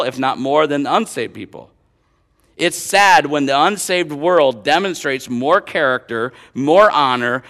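A middle-aged pastor from Northern Illinois, preaching a sermon through a personal workplace story with preacherly emphasis. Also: male voice, medium pitch, a bit bright.

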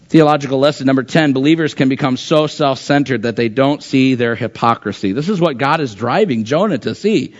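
A man's voice: fairly high pitch, lively intonation, normal speed. A pastor preaching a conversational sermon, acting out the voices from the text as he goes. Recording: dull lo-fi sound.

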